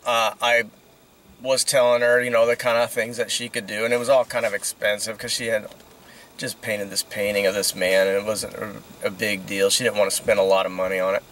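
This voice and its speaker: A man casually telling a rambling story, chuckling and checking in with "right?" as he goes. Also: mid-range voice. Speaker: vlogger. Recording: distant mic with loud outdoor traffic noise.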